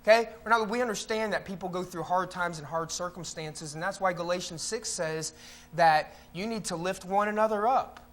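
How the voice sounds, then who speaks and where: A man's voice: high voice, moderate pace, fairly bright tone. A man preaching a conversational sermon as pastor in a church, now and then mocking the voices of complainers. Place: church sanctuary.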